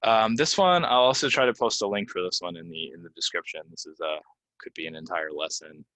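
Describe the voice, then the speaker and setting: Male teacher, deep and bright, dry close sound, casual and filler-heavy. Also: no echo, low-quality recording. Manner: casual, explains with many fillers and repeats words slowly. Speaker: English pronunciation teacher. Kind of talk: relaxed video lesson. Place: Florida.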